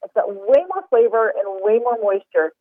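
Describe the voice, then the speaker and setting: Over a tinny, dry phone line, a woman chef and recipe developer offers cooking tips in a casual podcast interview. Her medium-pitched voice moves at a normal speed with no room sound, and she's enthusiastic, spilling into long run-on explanations.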